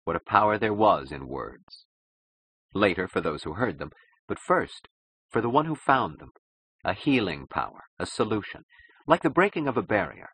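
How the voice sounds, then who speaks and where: A man reading a novel aloud as a narrator, in a measured, dramatic manner. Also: on the low side, sing-song, a bit bright, breathy edge, no room sound, low-quality recording. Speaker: audiobook narrator. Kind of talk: scripted narration.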